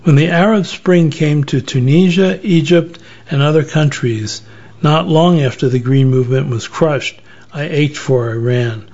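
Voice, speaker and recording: Measured man reading a personal essay, lo-fi. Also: on the high side, a little mellow. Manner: measured, reflective, with occasional restarts. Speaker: journalist reading his own essay. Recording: slightly dull lo-fi recording.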